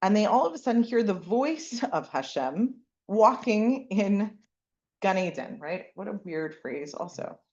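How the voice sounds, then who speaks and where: Animated woman teaching a Bible class. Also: mid-range voice, a little slow, muffled recording. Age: adult parent with young kids. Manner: animated, keeps asking "right?", acts out quotes. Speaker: Torah teacher. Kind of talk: lively Bible class lecture.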